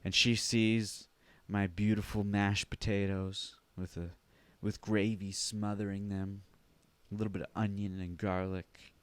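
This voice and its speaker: A man hosting a podcast, telling a comic story in an animated, profane way with sudden shouted bursts. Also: fairly low pitch, clear, resonant tone, no echo. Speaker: podcast host. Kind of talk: comedic storytelling monologue.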